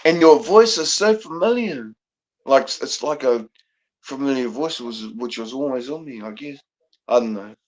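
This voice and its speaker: A man's voice: mid-range voice, expressive, normal speed. A man with a New Zealand accent, a guest caller on a live panel, chatting casually in a rambling way with lots of swearing and laughter. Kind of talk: casual chat. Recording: dull lo-fi sound.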